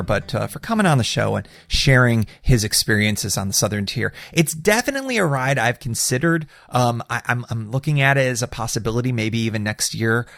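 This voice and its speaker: A man's voice: mid-range voice, lively intonation, brisk, gravelly, hardly any pauses, a bit bright, faint music behind. A man hosting a podcast, talking in an upbeat, chatty way with fillers and laughs. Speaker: podcast host. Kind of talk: casual podcast talk.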